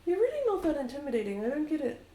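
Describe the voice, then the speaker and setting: A woman's voice: sits high, wildly swooping pitch, rapid-fire, dark tone, voice pushed up. A woman playing a charming young woman in tabletop role-play, teasing and fondly bossy. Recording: roomy echo.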